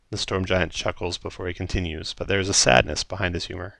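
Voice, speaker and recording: A man narrating as game master of a tabletop game, relaxed and hesitant with frequent ums. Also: deep voice, quick pace, creaky, dry recording.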